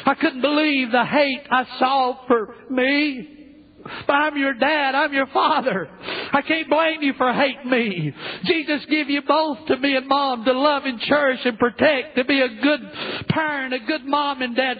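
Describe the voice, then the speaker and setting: A male preacher playing a regretful father lamenting from hell, with a halting, pleading, mournful delivery. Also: very high-pitched, pitched above the performer's own voice. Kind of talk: dramatic sermon reading. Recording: tinny lo-fi phone-like recording.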